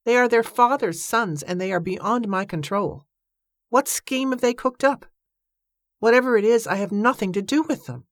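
A woman's voice: fairly high pitch, normal speed, dry recording, clean studio sound, pitched above the performer's own voice, close to an everyday voice. A woman narrator raising her voice to play a bewildered young woman who pleads and protests. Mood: resolute.

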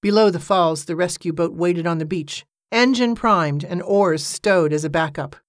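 A narrator reading an audiobook in an even, measured way, giving the characters light voices. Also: medium pitch, no room sound, studio quality.

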